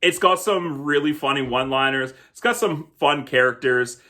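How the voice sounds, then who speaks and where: A man's voice: mid-range voice, normal speed, bright, forceful tone. Chatty male film reviewer. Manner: chatty, conversational, laughs now and then. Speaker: film reviewer, show host. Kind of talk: casual film review monologue.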